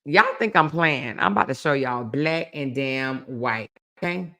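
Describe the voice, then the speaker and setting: Bright-voiced woman hosting a chatty livestream. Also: very deep voice, measured pace. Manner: animated, teasing, reads viewer comments aloud. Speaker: livestream host. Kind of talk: casual chat with live viewers.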